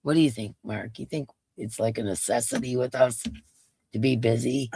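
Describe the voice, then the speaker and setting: A woman's voice: very deep voice, normal speed, warm tone, slight background noise. A woman with a stuffy, congested nose hosts a live stream, chatting and greeting her viewers one by one. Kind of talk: casual chat with viewers.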